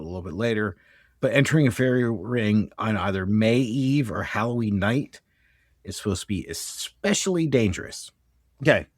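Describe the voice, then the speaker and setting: A man's voice: fairly low pitch, dry recording, clean studio sound. An American man co-hosting a podcast, talking casually from his notes and often stumbling and correcting himself mid-sentence. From United States. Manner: rambling, self-correcting, stumbles over words. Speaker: podcast co-host. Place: home with dogs nearby.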